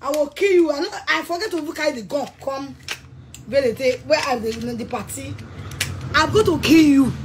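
High-voiced angry Nigerian woman ranting. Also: brisk, slight background noise. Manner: heated, threatening, repeats herself. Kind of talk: angry rant to camera.

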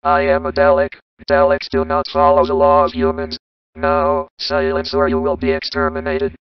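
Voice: a bass voice, normal speed, clean tone, dry recording, highs cut off. A robotic alien killing machine. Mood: menacing. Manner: monotone commands, harsh and clipped. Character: menacing alien war machine, cold, relentless. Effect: robot filter.

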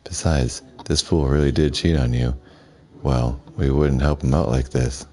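A man with a very low, deep voice narrates a video game on a live stream. He reads the on-screen lines in a flat, plain way and breaks in with casual remarks of his own. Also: a little slow. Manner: reads the subtitles aloud flatly, with asides. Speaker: streamer reading game dialogue aloud.

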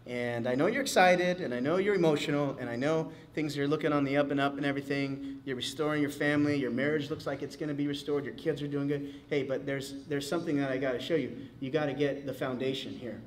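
A man voicing God as a calm, firm, fatherly figure who speaks quietly and gently corrects. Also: medium pitch, fast talker, hardly any pauses, a little hiss or hum, close to an everyday voice.

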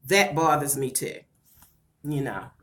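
A low-pitched woman with a bright, forceful edge, talking straight to her viewers on a live-stream vlog. She is tearful and her voice breaks at times, yet she stays blunt and swears without holding back. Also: slow. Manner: blunt, cusses freely, calls viewers "y'all" and "girl". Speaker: vlogger reading live chat. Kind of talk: emotional casual live-stream chat.

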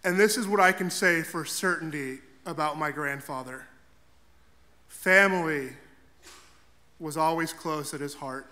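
A man's voice: a little high, measured pace, pauses often, pushed and bright. A young man, a Catholic priest, giving an earnest, heartfelt eulogy for his grandfather in a church. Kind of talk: funeral eulogy.

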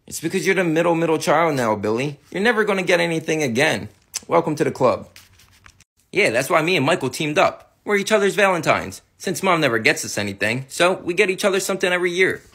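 A woman voicing a sarcastic, deadpan older teenage brother in a comedy skit. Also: deep voice, quick pace, husky, voice pushed down, full character voice.

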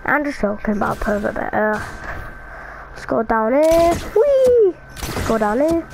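A young woman chatting casually while playing an online game, excitable and jumpy, with squealing reactions. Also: on the high side, normal speed, gravelly, noisy background. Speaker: gamer. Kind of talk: casual gaming chat.

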